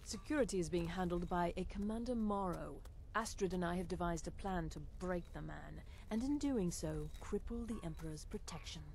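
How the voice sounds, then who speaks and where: A cool poised assassin. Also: female voice, lowish voice, normal speed, creaky, hardly any pauses, a little mellow. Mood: formal. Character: calm, poised female assassin handler.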